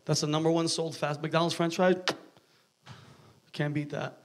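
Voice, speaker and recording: A man on a comedy club stage performs stand-up before a live audience, cursing, ranting, acting out voices and riffing with the crowd. His voice is on the high side, level in tone, at a normal speed.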